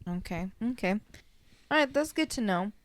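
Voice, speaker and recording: A young woman co-hosting a casual podcast, telling stories in a chatty, animated way with plenty of swearing. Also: mid-range voice, normal speed, no echo. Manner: chatty, profane, animated storytelling. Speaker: podcast co-host.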